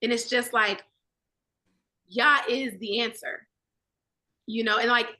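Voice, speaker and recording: A woman in a casual Bible study discussion, talking with animated conviction and often acting out inner dialogue. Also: fairly high pitch, slow pace.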